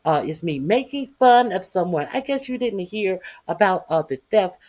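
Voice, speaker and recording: A livestream host giving news commentary in a taunting, profane way, filling pauses with constant "uh"s. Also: mid-range voice, expressive, a little mellow. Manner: profane, taunting, heavy "uh" fillers. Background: reading chat comments.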